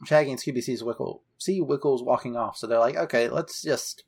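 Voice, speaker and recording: A man co-hosting a podcast, casually recapping a movie plot in a relaxed, chatty way with filler words. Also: medium pitch, fast, slightly rough. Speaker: podcast co-host.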